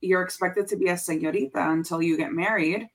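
A woman in her thirties, appearing as a podcast guest, speaks in a brisk voice on the low side. She tells stories candidly and animatedly in casual conversation, with frequent fillers and Spanish phrases mixed in.

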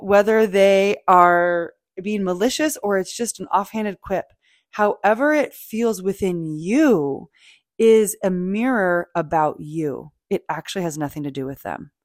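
A woman hosting a podcast, talking in a casual, animated motivational monologue, swearing freely and acting out feelings. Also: mid-range voice, no echo, clean studio sound. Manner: animated, swearing, playful, acts out quoted feelings. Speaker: podcast host.

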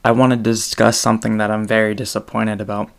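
Male solo podcaster, casual monologue; gravelly, flat delivery that wanders and self-corrects. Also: lowish voice, quick pace.

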